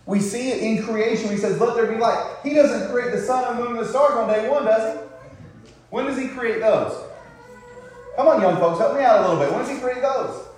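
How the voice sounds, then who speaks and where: A man with a very high, darkish voice preaches briskly to a congregation, lengthening emphatic words and adding tag questions like "isn't it?" in a call-and-response manner. The recording is from a church sanctuary with strong echo, and his voice is far from the mic.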